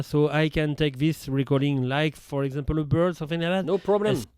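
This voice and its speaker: A middle-aged man with a French accent walks through an audio recorder tutorial in halting, self-correcting English. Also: on the high side, fairly even intonation, a little mellow, clear, resonant tone, no echo, clean studio sound. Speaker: audio gear reviewer. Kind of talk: hands-on equipment tutorial.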